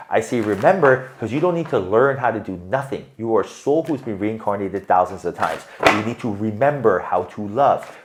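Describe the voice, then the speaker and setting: A man giving a tarot reading in an animated, emphatic way, often checking in with "right?". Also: fairly low pitch, a little hiss or hum. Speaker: tarot reader.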